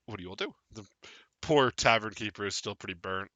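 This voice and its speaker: A man narrating as game master of a tabletop game, playful and quick to laugh. His voice is bright and forceful with lively swings in pitch, recorded dry on a close mic. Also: no echo.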